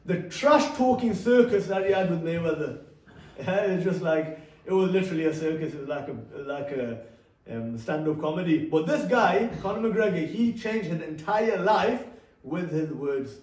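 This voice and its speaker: Young man, high voice, chatty audience-facing talk, caught from a distance. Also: lively intonation, normal speed, darkish tone. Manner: conversational, asks the audience questions. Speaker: speaker giving an Islamic youth talk. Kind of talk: interactive talk to a youth audience. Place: hall or classroom with a live audience. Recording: echoey room, speaker off-mic.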